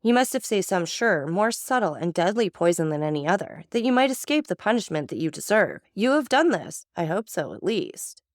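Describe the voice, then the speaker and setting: A woman's voice: medium pitch, very animated, fairly quick, hardly any pauses, dry recording, clean studio sound, lightly acted. A woman voicing a stern, cold-blooded male magistrate who speaks with contempt and accusation. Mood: accusing.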